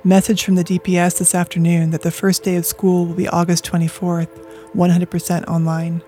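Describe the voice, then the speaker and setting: An adult from Colorado reading personal journal entries aloud in a quiet, measured way, at times dropping into a whisper. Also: medium pitch, completely flat delivery. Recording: dry close mic with faint music.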